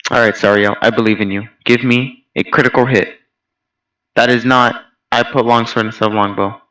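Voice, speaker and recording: A man playing a tabletop game, chatting excitedly as he rolls for his character. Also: mid-range voice, normal speed, low-quality recording. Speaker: player. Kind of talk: casual tabletop game chat.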